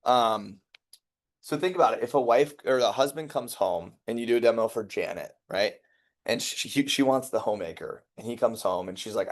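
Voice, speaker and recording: Energetic man coaching a sales team. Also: mid-range voice, normal speed. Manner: energetic, conversational, checks in with listeners. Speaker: sales trainer. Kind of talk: sales training talk with stories.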